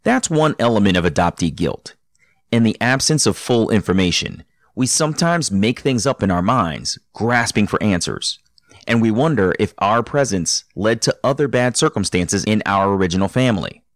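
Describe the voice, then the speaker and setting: A man hosting a podcast, narrating a guest's story in a measured, explanatory way. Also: lowish voice, expressive, no room sound, clean studio sound. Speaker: podcast host. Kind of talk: scripted narration and interviewing.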